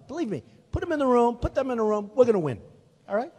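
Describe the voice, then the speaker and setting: A man's voice: very high voice, expressive, fast talker, a little mellow. A man in his sixties giving a rambling, repetitive, emphatic rally speech in a large venue. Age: 60s. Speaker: political candidate. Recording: reverberant hall.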